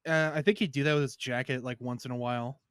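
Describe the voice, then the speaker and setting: A man rambles through a crude story on a podcast. His voice is smooth and clean, recorded dry and close. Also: mid-range voice, steady tone, quick pace, no room sound. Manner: rambling storyteller, loud shouted impressions. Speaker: podcast co-host. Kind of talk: casual crude chat.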